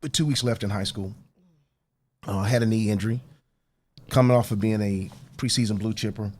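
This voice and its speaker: A man guest on a talk show, speaking earnestly and deliberately about purpose and opportunity, with the hiccups. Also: fairly low pitch, darkish tone, slight background noise. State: has the hiccups. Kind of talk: casual talk show conversation.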